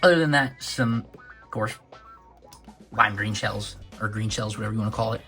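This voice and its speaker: A man's voice: lowish voice, normal speed, bright, forceful tone, faint music behind. A young man giving a casual toy review, rambling a little with many fillers and corrections of himself.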